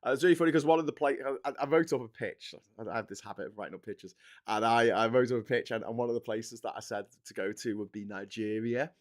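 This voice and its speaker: A man with a Scouse accent hosts a casual live stream, talking into a desk mic at his computer. He rants with strong opinions and jumps into loud whoops, and his voice sits at a middling pitch. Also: fast. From England. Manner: animated, opinionated ranting with sudden loud outbursts.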